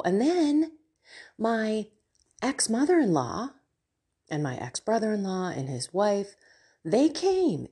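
A woman's voice: mid-range voice, a little mellow, slightly rough. A middle-aged woman hosting a podcast, sharing a personal, confessional reflection. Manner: emotional, confessional, with laughs. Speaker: podcast host.

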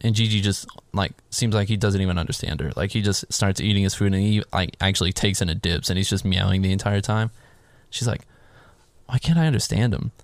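Casual male co-host, lowish pitch, dry close sound, animated and profane storyteller. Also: fairly quick, no room sound. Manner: animated storytelling, swears freely, acts out his own reactions. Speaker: podcast co-host recapping a film. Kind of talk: casual chat.

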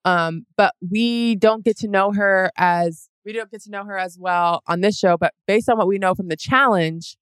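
A woman's voice: mid-range voice, normal speed, few pauses, clear, resonant tone, no room sound. A young woman co-hosting a podcast, rambling through stories in casual chat, full of "like". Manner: rambling storyteller, lots of "like". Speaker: podcast co-host.

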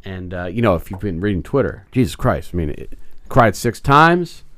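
Podcast host, man, middle-aged, lowish voice, crude jokey rambler, dry close sound. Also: sing-song, normal speed, fairly bright tone, no echo. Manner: crude, joking, rambling with restarts. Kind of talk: casual comedic chat.

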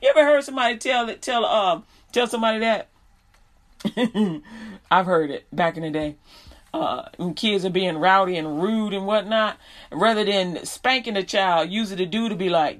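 A woman's voice: mid-range voice, moderate pace. A woman preaching a sermon, reading scripture aloud and then explaining it in casual street slang.

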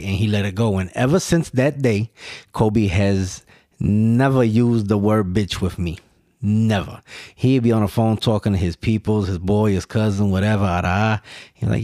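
Alone on his podcast, a man delivers a reflective monologue, speaking earnestly and emphatically to his listeners with restarts and repeated words. His voice is fairly low, a little mellow and fairly even in intonation, at normal speed, with clean studio sound and no echo.

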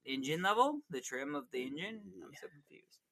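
A young man chatting casually on a podcast, telling stories in a profane, animated way. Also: on the high side, brisk. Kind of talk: casual chat.

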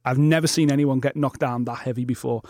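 A man's voice: medium pitch, fairly even intonation, fast talker, darkish tone, no room sound, studio quality. A man co-hosting a podcast in casual chat, blunt and sweary, talking in a rush. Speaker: podcast co-host.

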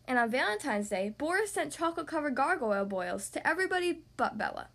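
A woman reading a children's picture book aloud in an expressive, sing-song way. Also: sits high, quick pace, vocal fry. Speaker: storyteller.

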